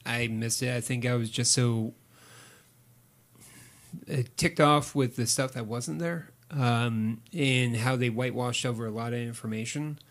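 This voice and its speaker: A man's voice: medium pitch, fairly even intonation, a little slow. A man co-hosting a film podcast in casual, rambling chat. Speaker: podcast co-host.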